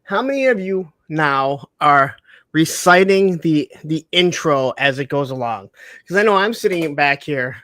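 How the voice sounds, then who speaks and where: A man on a casual livestream podcast, talking in an animated way and asking questions. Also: a little high, measured pace, dry recording, studio quality. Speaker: panelist.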